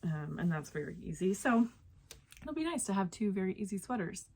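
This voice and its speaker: A woman's voice: medium pitch, sing-song, brisk, darkish tone. A young woman, chatting casually as the host of her own knitting show and filling her talk with ums and restarts. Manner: chatty, lots of fillers and self-corrections. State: slightly out of breath. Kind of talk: casual chat to camera.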